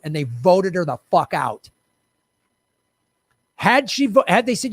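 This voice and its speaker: A man's voice: high voice, sing-song, measured pace, long pauses, husky, no room sound. A man hosting a heated political commentary show, talking bluntly and profanely, repeating his points for emphasis. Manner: fiery, blunt, profane, repetitive. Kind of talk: heated political rant to camera.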